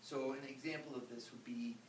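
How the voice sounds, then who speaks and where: A man's voice: fairly even intonation, fairly quick. A man, a priest, giving an informal, conversational ethics lecture and acting out examples. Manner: conversational, emphatic, acts out examples. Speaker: Catholic priest teaching ethics. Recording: roomy, distant mic, faint rumble.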